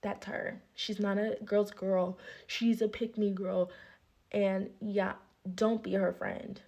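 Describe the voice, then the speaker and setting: A woman's voice: medium pitch, flat delivery, takes it slowly, vocal fry, a little mellow. A woman in a viral clip telling a story in a casual storytime, blunt and indignant.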